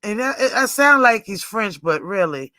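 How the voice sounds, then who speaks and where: A woman's voice: mid-range voice, very animated, a little slow, bright, forceful tone, dry recording, clean studio sound. A woman in her forties hosting a livestream in rambling, casual chat, often laughing. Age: 40s. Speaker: livestream host.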